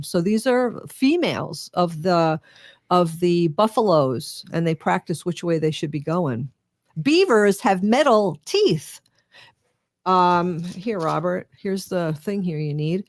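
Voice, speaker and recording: A woman's voice: medium pitch, a little mellow, no echo, clean studio sound. A woman with a New York accent, co-hosting a radio show and chattily reading animal facts aloud, now and then losing her place. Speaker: radio co-host.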